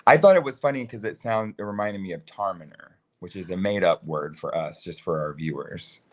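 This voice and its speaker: Young male co-host, easygoing, laughs often, slightly low voice. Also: a little fast. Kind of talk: casual chat.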